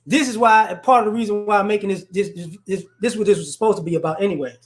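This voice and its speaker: Speaking quickly in a high-pitched voice, this man hosts a live stream and delivers off-the-cuff social commentary that is blunt and confrontational. His rant rambles, with repeated words as each point takes shape, all captured with a roomy echo.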